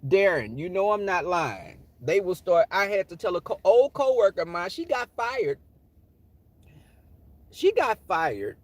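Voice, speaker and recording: Behind the wheel, a vlogger with a high voice takes his time recounting workplace stories in a sassy, animated, dramatic way. It's a storytelling chat recorded dry.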